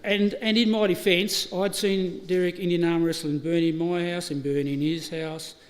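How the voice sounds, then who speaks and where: A man's voice: sits high, fairly even intonation, moderate pace. A middle-aged Australian man giving a chatty eulogy at a funeral service, telling stories with laughs and restarts. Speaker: eulogy speaker. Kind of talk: storytelling eulogy. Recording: hall reverb, live stream.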